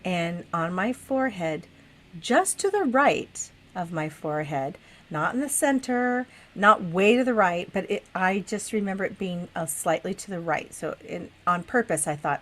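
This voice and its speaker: A middle-aged woman co-hosting a podcast, chatting casually and telling a story with lively laughs and swearing. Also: lowish voice, a little slow. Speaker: podcast co-host. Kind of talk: casual chat.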